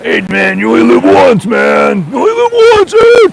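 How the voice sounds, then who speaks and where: A man doing a shouty buddy, way up high. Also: wildly swooping pitch, vocal fry, full character voice, rough recording. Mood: shouting. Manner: shouting, drawn-out "man" and "dude". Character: loud excitable middle-aged male smoker neighbor.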